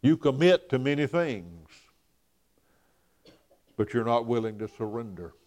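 Man playing an older pastor, gentle, firm, measured. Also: medium pitch, big pitch swings. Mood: earnest. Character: earnest older male pastor, persecuted.

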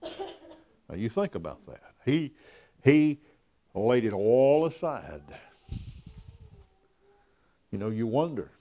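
A man's voice: mid-range voice, big pitch swings, takes it slowly, pauses often. Man, preacher, sermon; folksy storyteller, emphatic. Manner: folksy storyteller, emphatic, rising to loud peaks.

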